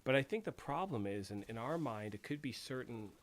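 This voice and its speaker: A man's voice: mid-range voice, lively intonation, a little fast. A man hosting a casual live stream, chatting loosely with many fillers and answering viewers. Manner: rambling, conversational, many fillers; reads and answers chat. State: throat clearing after choking on tea. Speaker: livestream host.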